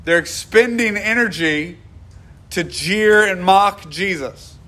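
A man's voice: sits high, slow pace, sharp tone. A male pastor delivering a sermon in an earnest voice, repeating phrases for emphasis and often restarting his sentences.

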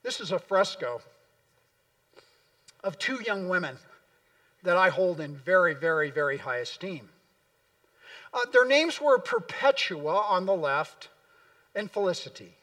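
High-voiced male pastor preaching from afar. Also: expressive, unhurried, pauses often, pushed and bright, distant mic. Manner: earnest, emphatic preaching with repeated words. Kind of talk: sermon. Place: church sanctuary.

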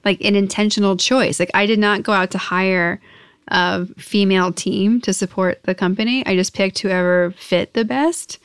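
Young woman hosting a podcast, chatty, lots of "like", smooth clear voice, dry close sound. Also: medium pitch, steady tone, normal speed, no echo. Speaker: podcast host and company owner. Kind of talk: casual chat.

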